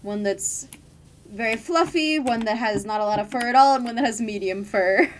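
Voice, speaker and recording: A woman's voice: fairly high pitch, moderate pace, slight background noise. Chatty young woman streaming a game. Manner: chatty, laughs often, swears casually. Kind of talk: casual gaming stream chat.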